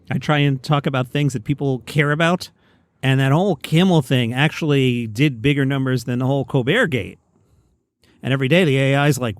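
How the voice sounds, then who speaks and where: A man's voice: medium pitch, no room sound. A man with a Queens, New York accent hosting a comedy news show, delivering headlines with wry, sarcastic asides. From New York City. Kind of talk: casual comedy news monologue. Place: outdoors by a pool.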